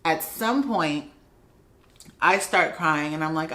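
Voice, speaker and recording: A young adult woman vlogger telling a personal story in a casual, animated way, acting out the voices of the people in it. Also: deep voice, slow pace.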